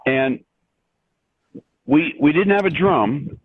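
An older man, a composer, telling stories in an interview with many restarts and an animated, rambling manner over a remote call. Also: on the high side, slow, breathy edge, no echo. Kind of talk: storytelling in an interview. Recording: dry tinny phone-like line.

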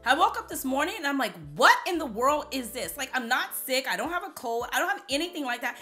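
A woman talks beauty to her camera in a playful, emphatic chatter. Her voice is bright but a little scratchy. Faint music plays underneath. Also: high-pitched, expressive, fast talker. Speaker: beauty vlogger. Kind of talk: casual chat to camera.

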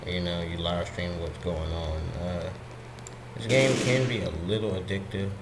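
A man commentating his own gameplay, frustrated and swearing at opponents, with loud game music and gunfire behind him. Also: low voice, steady tone, a little slow, very noisy. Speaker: gamer.

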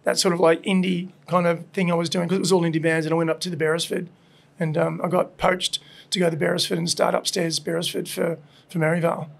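Podcast guest: middle-aged Australian man, high-pitched and gravelly, loose and animated, swears freely. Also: quick pace. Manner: animated, swearing, laughs often, acts out voices in anecdotes. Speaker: podcast guest, burger restaurant owner. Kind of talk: casual storytelling chat. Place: his burger restaurant.

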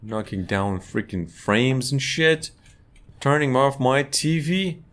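With a medium-pitched, animated, slightly bright voice and a slow pace, a gaming YouTuber reacts to a horror game he's playing on his channel. He swears a lot and laughs nervously throughout his commentary.

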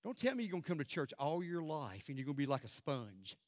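A man preaching a sermon as pastor, swinging from loud declarations to hushed near-whispers. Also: fairly high pitch, sing-song, quick pace, no room sound, studio quality. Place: church sanctuary.

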